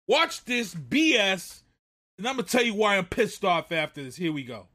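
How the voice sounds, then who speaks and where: A man's voice: high-pitched, big pitch swings, moderate pace, bright, forceful tone. Ranting man hosting a sports talk show. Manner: heated, ranting, repeats himself. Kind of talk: casual sports commentary.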